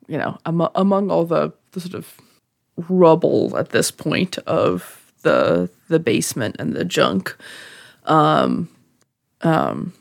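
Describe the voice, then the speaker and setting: Slow gravelly woman playing her character, lots of ums and pauses. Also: low voice, no echo, studio quality. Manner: hesitant, full of ums. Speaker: player. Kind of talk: playing a character in a tabletop game.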